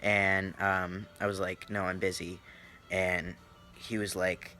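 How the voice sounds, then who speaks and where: A man's voice: low voice, unhurried, faint music behind. A young man, a YouTuber, telling a story to his viewers and acting out the people in it. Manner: animated, acts out voices in retelling. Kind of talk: story time vlog.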